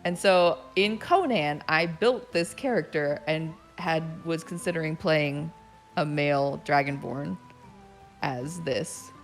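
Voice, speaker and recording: A woman guest on a casual podcast chat, speaking in a relaxed, matter-of-fact way. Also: low-pitched, slow pace, faint music behind.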